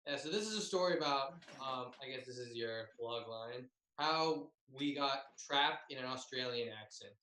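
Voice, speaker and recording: A man's voice: mid-range voice, moderate pace, few pauses, bright, forceful tone, reverberant, rough recording. A young man and comedian telling a tag-team story in a loose, profane, self-mocking way over a video call. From Bay Area, California.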